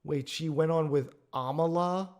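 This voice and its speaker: A man's voice: fairly high pitch, steady tone, a little slow, a little mellow. A young man hosting a reaction commentary video, talking in a sarcastic, blunt and exasperated way.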